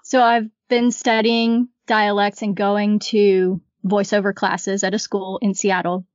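A woman, a librarian who guests on a podcast, chatting casually in a lively way and laughing often. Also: mid-range voice, dry recording. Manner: lively, quick to laugh, acts out quotes. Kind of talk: casual chat. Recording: dull lo-fi dry recording.

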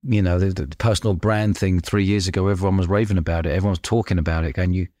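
A man, telling lively anecdotes in a casual podcast chat and acting out the voices of people he quotes. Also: low voice, racing, no echo, studio quality. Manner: animated anecdotes, acts out quoted voices, laughs often. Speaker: podcast host.

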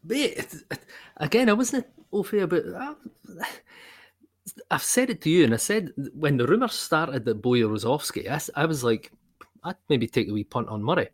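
A man with a Scottish accent co-hosting a casual football podcast, chatty and quick to laugh. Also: on the high side, lively intonation. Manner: chatty, peppered with "you know", quick to laugh. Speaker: podcast co-host.

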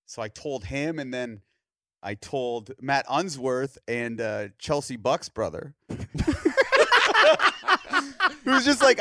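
Male podcast host in his thirties, lively storyteller, wide pitch swings, dry close sound. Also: normal speed, no echo. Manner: animated storyteller, acts out other people's lines. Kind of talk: casual storytelling chat.

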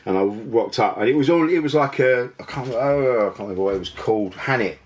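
An English man, a comedian guesting on a podcast, in a relaxed drunken chat. He tells stories with animated quoted voices and laughs often. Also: medium pitch, fast talker, highs cut off.

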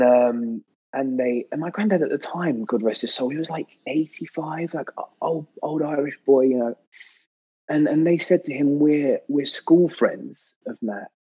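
Husky British man telling stories. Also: normal speed, highs cut off. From Britain. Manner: lively storyteller, acts out quotes with sharp pitch jumps. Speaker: podcast guest. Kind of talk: casual anecdotal chat.

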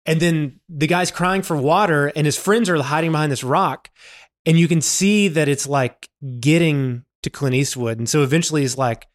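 A man's voice: a little high, moderate pace. A man co-hosting a podcast, retelling a film scene by scene in casual chat, swearing freely and acting out the characters' lines. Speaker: podcast co-host.

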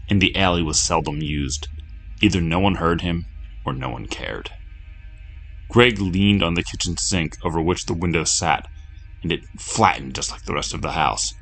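Deep husky male horror narrator. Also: a bit bright. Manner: measured, grim storytelling. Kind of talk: scripted narration.

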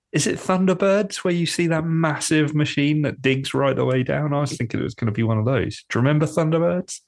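A man's voice: fairly high pitch, brisk, gravelly. A man hosting a podcast in casual chat, teasing and laughing often. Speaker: podcast host.

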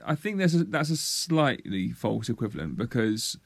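A man's voice: mid-range voice, sing-song, normal speed, vocal fry, slightly rough, no echo. A man co-hosting a casual football podcast, telling stories in a joking way with lots of filler words. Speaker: podcast co-host.

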